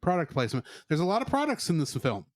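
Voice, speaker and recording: A man co-hosting a podcast, giving an animated, sarcastic movie review in casual chat. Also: fairly high pitch, fast talker, dry recording, clean studio sound. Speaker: podcast co-host.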